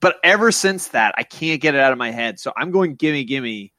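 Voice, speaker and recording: A man's voice: mid-range voice, animated, normal speed, bright, forceful tone, no echo, studio quality. A man co-hosting a casual podcast chat, telling a story and leading the segments with easy laughter. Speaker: podcast co-host.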